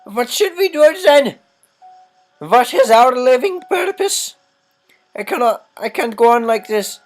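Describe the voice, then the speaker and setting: A player voicing a despairing sister in a game with a deliberately silly, wailing high voice. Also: very animated, soft background music, rough recording. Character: despairing nun-like sister, shrill and tearful. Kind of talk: reading game dialogue aloud.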